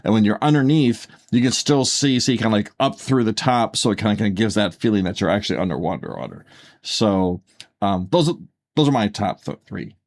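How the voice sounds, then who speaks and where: A man on the low side of pitch talks a little fast and with animation as co-host of an easygoing podcast. His chatter is rambling and filler-heavy, with frequent self-corrections and fresh starts.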